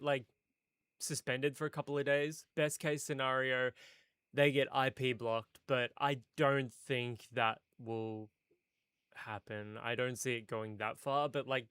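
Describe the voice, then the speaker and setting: A man hosting a casual voice-call chat, giving measured opinions with some hesitant restarts. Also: medium pitch, a bit bright, clean tone, dry recording, clean studio sound. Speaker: streamer host.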